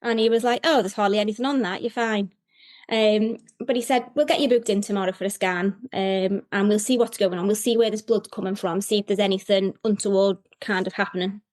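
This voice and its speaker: A woman tells her own story as an interview guest. She talks candidly and emotionally, with many fillers and pauses. Her voice sits at a middle pitch and sounds dry and close, with no room echo. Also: fairly even intonation, darkish tone. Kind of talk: personal storytelling.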